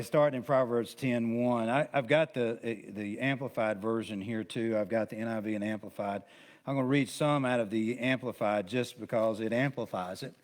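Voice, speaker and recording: Male pastor leading a casual Bible study; folksy, rambling teacher, chatty asides. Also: medium pitch. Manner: rambling, conversational, with many restarts and asides; folksy, plain-spoken.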